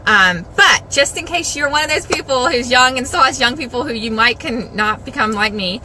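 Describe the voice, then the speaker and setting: A middle-aged woman talks casually to the camera in a very bright, fairly high voice. She is chatty and self-deprecating and keeps slipping in animated asides, over a faint hum of background noise. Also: moderate pace, low-quality recording. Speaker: Christian vlogger. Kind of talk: casual devotional talk to camera.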